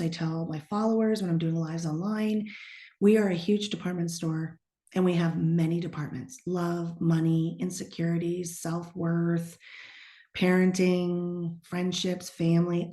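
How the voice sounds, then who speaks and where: A middle-aged woman from the eastern United States, a psychic medium who talks bluntly and sassily and drops into hushed whispers when quoting others. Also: lowish voice, reverberant. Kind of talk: casual podcast conversation.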